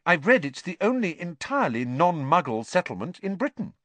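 High eager schoolgirl voice, bossy, lively swoops, read by a man, dry close sound. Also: no room sound. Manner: keen, brisk and bossy. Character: eager bookish know-it-all teenage girl.

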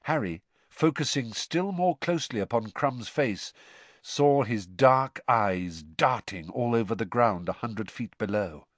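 A man reading a novel aloud in an expressive, dramatic storytelling style. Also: medium pitch, unhurried, no echo. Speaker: audiobook narrator. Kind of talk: expressive scripted narration.

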